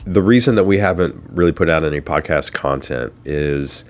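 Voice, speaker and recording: A man co-hosting a podcast in casual chat, stuffy from a cold, telling stories in a chatty, animated way. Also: a bass voice, normal speed, faint music behind. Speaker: podcast co-host.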